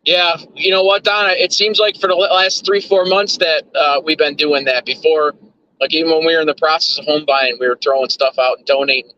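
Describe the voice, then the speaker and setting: A man's voice: fairly high pitch, steady tone, a little fast, pushed and bright, highs cut off. A man chatting loosely to his stream chat while driving, repeating words and drifting between thoughts. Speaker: livestream host. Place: in a car.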